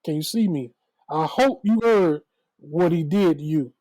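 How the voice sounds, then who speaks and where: Mellow-voiced trash-talking man. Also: on the high side, unhurried, dry recording, low-quality recording. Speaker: co-host. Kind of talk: casual sports chat.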